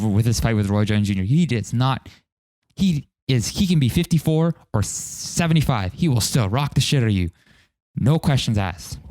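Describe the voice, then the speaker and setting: A male podcast host talking casually on his own, swearing freely and restarting his sentences as he goes. His voice sits at an ordinary middle pitch. The recording is dry and close. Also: a little mellow, no room sound. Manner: rambling, profane, self-interrupting. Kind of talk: casual solo podcast monologue.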